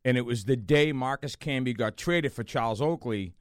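A middle-aged man, a guest actor chatting in a podcast interview, telling animated stories with frequent restarts and fillers. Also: mid-range voice, normal speed, no room sound, clean studio sound. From Boston area.

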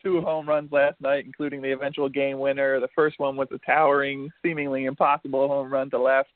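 A man's voice: medium pitch, level tone, fairly quick, dry recording. A man hosting a casual sports talk show, joking and poking fun at himself. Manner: joking, self-mocking. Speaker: podcast host. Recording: dry tinny phone-like line.

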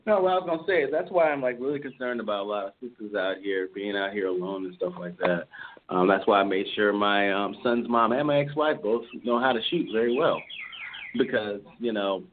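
A man speaking in a low-key, quiet and earnest way in a casual podcast chat. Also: a little fast. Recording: tinny phone line with clear background noise.

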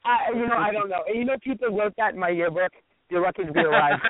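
Excitable storytelling man, high voice. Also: fast talker, dry recording. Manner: animated, profane, acts out quotes. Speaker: radio co-host. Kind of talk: casual storytelling chat. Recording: tinny phone-like radio audio.

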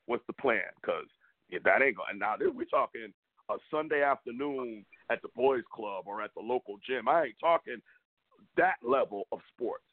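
A man's voice: lively intonation, moderate pace, no echo. Fired-up man ranting on a phone line. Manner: fired up, rants with rising pitch. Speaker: podcast co-host. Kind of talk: sports talk podcast. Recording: tinny phone-like call line.

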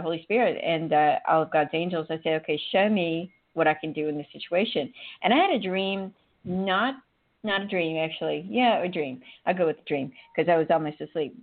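A middle-aged woman hosting a casual spiritual chat, rambling and laughing often. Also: lowish voice. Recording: phone-like narrow audio.

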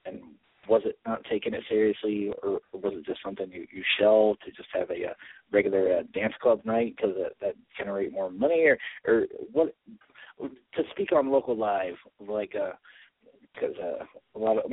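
A man's voice: lowish voice, fairly quick, slightly rough, no room sound. A man hosting a casual interview, asking long, rambling questions full of hesitations and restarts. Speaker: interview host. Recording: dry, phone-like band-limited sound.

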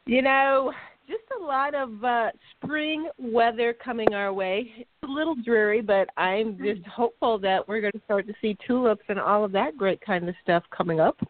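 A woman's voice: on the high side, moderate pace, no echo. A woman co-hosting an internet radio talk show, chatting cheerfully and reading out contest details. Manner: bubbly, laughs often. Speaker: co-host. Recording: dry phone-line audio.

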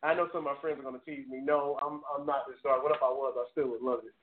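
A man's voice: mid-range voice, steady tone, fast. Guy hosting a live call-in show, earnest, stumbles over words, sounds thin like over a phone. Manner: earnest, stammering, laughs at himself. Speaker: talk show host. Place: home studio. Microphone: webcam streamed live. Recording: tinny phone-like audio.

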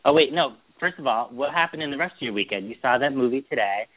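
A man's voice: mid-range voice, expressive, quick pace, dry recording. Man, casual podcast co-host, storyteller who does the voices; tinny, dry call-in sound. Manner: chatty storyteller, quotes people in put-on voices. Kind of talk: casual chat. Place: Boston. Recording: dry phone-line sound.

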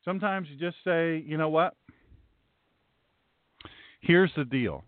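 A pastor hosting a livestream Bible teaching speaks slowly with long pauses in a voice on the high side, teaching scripture folksily and emphatically straight to his viewers. The recording is dry and tinny, like a phone.

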